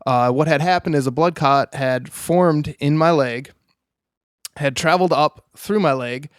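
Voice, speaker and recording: A man's voice: fairly high pitch, a little slow, clean tone, no echo, studio quality. A man, an interview guest, telling a personal story in an earnest, rambling way with many "you know"s.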